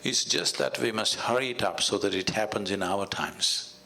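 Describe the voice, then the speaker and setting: A man with an Indian English accent, a spiritual teacher speaking in a measured, storytelling way. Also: on the low side, creaky, slight background noise. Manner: measured and storytelling, with soft laughs. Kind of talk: conversational teaching with a told fable.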